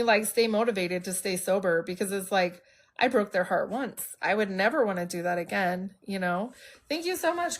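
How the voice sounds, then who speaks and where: A woman in her thirties, hosting a live stream, telling her own recovery story openly and bluntly, sounding stuffy from allergies. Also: medium pitch. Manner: open and emotional, speaks bluntly. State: congested from allergies. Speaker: livestream host. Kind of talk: candid personal storytelling.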